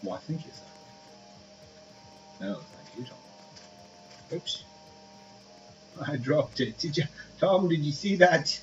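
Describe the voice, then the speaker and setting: A man's voice: fairly high pitch, very animated, slow pace, long pauses, over music, voice pushed up. A man putting on a posh British gent. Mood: courteous. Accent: put-on British. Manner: formal, courteous, says sir. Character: overly polite English gentleman in a game. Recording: dull lo-fi audio with hiss.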